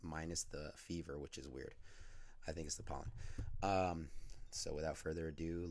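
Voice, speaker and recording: A man with a hoarse voice from a cold, talking loosely with many fillers and praying aloud. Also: very deep voice, steady tone, moderate pace, darkish tone. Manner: unscripted, rambling, many fillers. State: lost voice from a cold. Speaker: Christian vlogger. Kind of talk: casual talk and spoken prayer.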